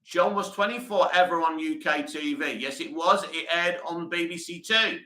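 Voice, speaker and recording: British man, live stream host, very bright voice, echoey room, blunt and chatty. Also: a little high, normal speed. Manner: chatty, blunt, reads comments aloud. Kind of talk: casual chat.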